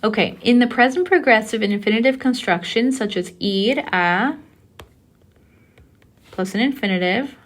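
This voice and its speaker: Patient woman teaching a recorded lesson. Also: medium pitch. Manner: patient, explanatory, checks in with "okay?". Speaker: Spanish teacher. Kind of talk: recorded lecture.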